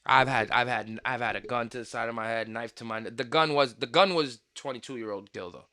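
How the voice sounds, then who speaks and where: Brash, bright-voiced New man. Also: medium pitch, a little fast. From Puerto Rican, raised in New York. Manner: animated, slangy storytelling with swearing. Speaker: podcast host. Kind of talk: casual podcast chat.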